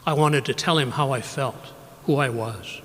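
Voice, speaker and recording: An older man giving a live poetry reading of his own work, measured and unhurried, often softening his voice. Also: medium pitch. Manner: measured, unhurried reading with soft drops in level. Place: library event room, live audience. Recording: reverberant live room recording.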